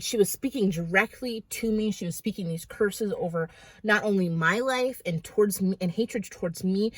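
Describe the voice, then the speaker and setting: A woman's voice: lowish voice, no echo, poor audio. A woman vlogger telling a dream testimony in a rambling, dramatic way with many fillers. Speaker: Christian vlogger.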